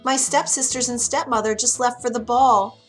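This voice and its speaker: A woman voicing a gentle, hopeful young girl in a storybook, in a high soft voice. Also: fairly even intonation, moderate pace, husky, soft background music.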